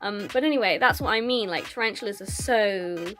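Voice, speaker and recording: A woman's voice: medium pitch, fairly quick, fairly bright tone, faint music behind. A woman, ranting to camera in a casual vlog, blunt and sweary, laughing often, recorded on a phone. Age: 20s. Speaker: vlogger.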